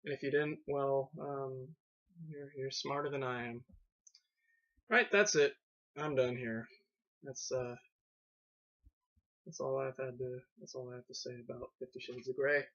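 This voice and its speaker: A man's voice: medium pitch, unhurried, pauses often, a bit bright. A man casually reviewing books on a vlog, rambling with lots of fillers and sarcastic asides. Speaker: video book reviewer. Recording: dull lo-fi webcam audio.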